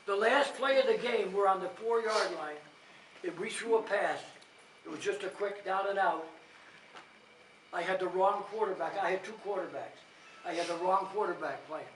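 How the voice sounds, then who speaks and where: An older man with a high, fairly bright voice, a retiring school coach, tells blunt, chuckling, rambling anecdotes at a gathering. He is far from the mic, and the hall sounds echoey, distant and noisy.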